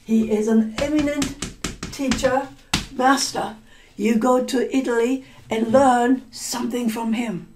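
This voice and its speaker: A woman language teacher telling a story to learners, slowly repeating and explaining words with many hesitant fillers. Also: on the high side, steady tone, darkish tone, slight background noise, low-quality recording.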